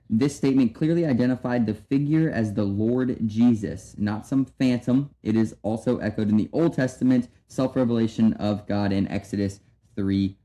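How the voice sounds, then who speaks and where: A young man hosts a podcast, giving a casual devotional talk in a lowish, mellow voice. He's conversational, frequently restarting his sentences, saying "right?" a lot, and making asides to his listeners.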